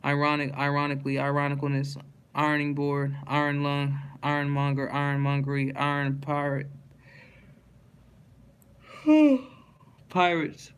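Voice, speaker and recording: A man's voice: medium pitch, completely flat delivery, fairly quick, fairly bright tone, clear, resonant tone. A man reading a dictionary word list aloud, one word at a time, with small stumbles and restarts.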